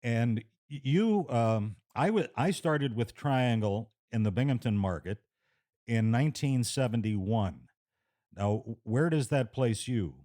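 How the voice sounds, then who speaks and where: A man hosting an interview about radio, asking questions in a halting way with stammered restarts. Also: medium pitch, animated, warm tone. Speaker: interview host. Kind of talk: casual interview talk.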